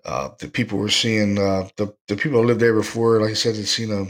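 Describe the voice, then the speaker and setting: A man's voice: fairly low pitch, flat delivery, a little fast. A man hosting a podcast, telling a ghost story in a rambling, laid-back way and chuckling now and then. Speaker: podcast host, paranormal investigator. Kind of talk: casual storytelling.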